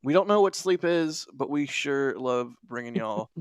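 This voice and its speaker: An excited man hosts a live rocket launch stream, talking through the countdown with co-hosts. His voice is smooth and clear, recorded close and dry with no room sound. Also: medium pitch, measured pace, no room sound. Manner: excited, chatty. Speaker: livestream host.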